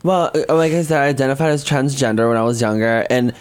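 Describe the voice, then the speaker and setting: A man, a drag performer, chatting casually with a drawling valley-style way of talking, animated and full of swearing. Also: medium pitch, fast talker, clean tone. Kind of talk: casual chat.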